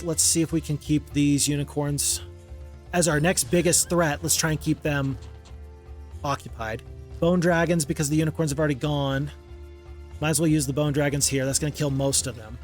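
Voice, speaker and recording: A man with a slightly high voice talks through a strategy game as a gaming host, reasoning aloud and counting units quietly under his breath. He is casual and openly self-critical about his mistakes. Faint music plays behind him. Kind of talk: casual gameplay commentary.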